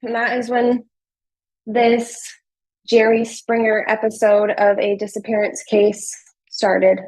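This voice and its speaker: A woman's voice: fairly high pitch, flat delivery, slow, darkish tone, dry recording, poor audio. A woman telling her story as an interview guest, talking casually with lots of "like" and acting out what people said. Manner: chatty, fills with "like", acts out quoted dialogue.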